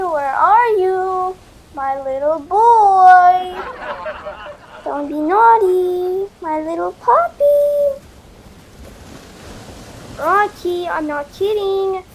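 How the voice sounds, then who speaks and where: A woman's voice: very high voice, slight background noise. A woman voicing a chatty adult woman doll at the beach for a toy play video, talking to herself with little sighs. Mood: calling out.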